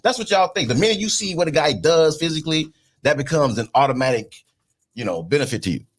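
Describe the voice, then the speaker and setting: A man's voice: on the high side, expressive, fast, breathy edge. A man in casual chat, emphatic and repetitive, making his points with swearing.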